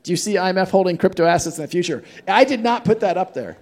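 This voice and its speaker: A man's voice: high-pitched, animated, quick pace. A man moderating a conference panel, reading out audience questions in a playful way.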